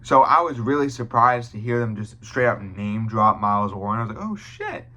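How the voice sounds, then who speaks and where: Young man, film reviewer, casual talk, blunt, swears a lot, fairly low voice, bright and forceful tone. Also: steady tone, brisk. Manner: blunt and profane, with frequent restarts.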